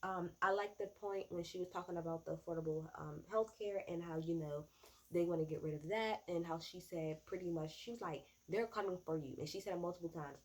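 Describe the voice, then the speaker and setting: A woman in her twenties giving a casual, opinionated recap of a debate, sarcastic and swearing, breaking into loud outrage. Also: lowish voice, brisk. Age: 20s. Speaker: political commentator.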